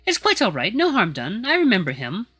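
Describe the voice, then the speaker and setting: A sweet, scatterbrained old she-wolf, as a man puts her on in a storybook reading, her voice pushed up high and sailing. She speaks in a genteel, dotty, grandmotherly way, with a bright tone and faint music behind. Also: huge pitch swings, brisk, breathy edge, full character voice. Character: frail ancient female wolf elder, sweet, scatterbrained.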